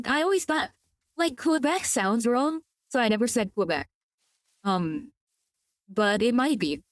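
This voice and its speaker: A young woman with a Californian accent chats casually while gaming on a live stream, rambling, restarting often and swearing offhandedly. Her voice is fairly high-pitched and the recording is dry.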